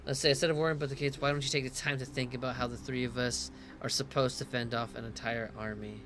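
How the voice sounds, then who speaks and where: A man's voice: mid-range voice, steady tone, fast. A man doing casual gameplay commentary, reading subtitles aloud, giggly and self-mocking. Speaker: gaming streamer.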